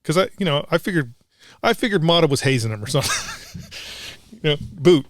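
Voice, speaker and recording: Man, middle-aged, combat veteran, blunt and profane, casual storytelling, somewhat high pitch, dry. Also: huge pitch swings, a little fast, no echo.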